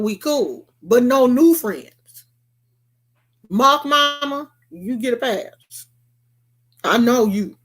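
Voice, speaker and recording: Slow, blunt, emphatic woman vlogger. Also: fairly high pitch, lively intonation, fairly bright tone. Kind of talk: emphatic rant to camera.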